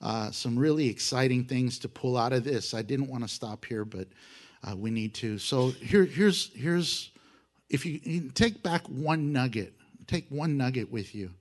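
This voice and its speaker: A man teaching a Bible lesson in a casual, animated way, often laughing and acting out quoted apologies. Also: medium pitch, unhurried.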